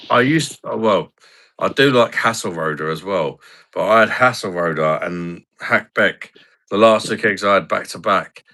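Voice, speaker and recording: Gravelly man hosting a live stream. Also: on the low side, sharp tone. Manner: reads viewer comments aloud, blunt, crude banter. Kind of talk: casual pub-style live stream chat.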